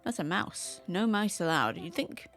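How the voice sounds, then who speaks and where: Lively, playful woman streamer. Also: lowish voice, a little slow, faint music behind. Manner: playful and chatty, talks to the cats on screen. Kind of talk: casual gameplay commentary.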